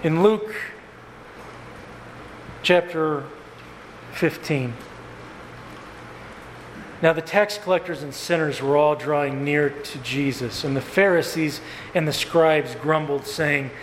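A man preaching a sermon as pastor, earnest and emphatic, with slow stressed phrases and repetition. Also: a little high. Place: church sanctuary. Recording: echoey hall with faint room noise.

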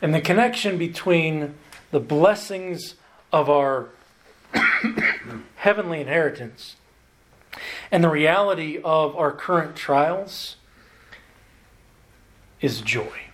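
A man preaching a sermon on a Bible passage, earnest and emphatic, drawing out key words slowly and slipping in light self-deprecating humor. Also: a little high, animated, fairly bright tone.

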